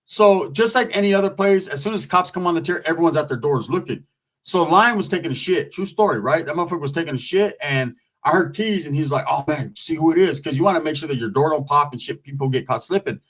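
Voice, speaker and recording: Fast and somewhat high-voiced, this storyteller relays a long tale about life in prison, casual, profane and streetwise, performing each quoted line with animation.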